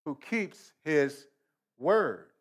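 Male preacher, slightly high voice, deliberate slow delivery, repeats phrases for emphasis. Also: very animated. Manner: slow emphatic preaching with repetition and sudden loud rises. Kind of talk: sermon.

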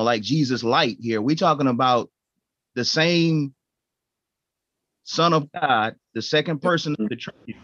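A man's voice: medium pitch, fairly bright tone, no echo. A man in a Bible study group, building his point with preacherly emphasis. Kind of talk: conversational Bible study discussion. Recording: dry, dull lo-fi audio.

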